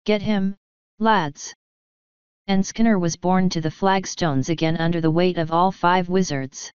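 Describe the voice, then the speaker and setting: A woman reading an audiobook in a measured, dry narration. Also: lowish voice, steady tone, darkish tone, clean tone, no echo, dull audio. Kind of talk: scripted narration.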